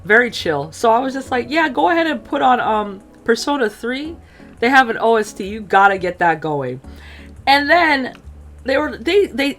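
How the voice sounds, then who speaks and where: A woman chatting casually as she tells a personal story, full of fillers, acting out quotes in an animated way. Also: a little high. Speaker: streamer telling a personal story.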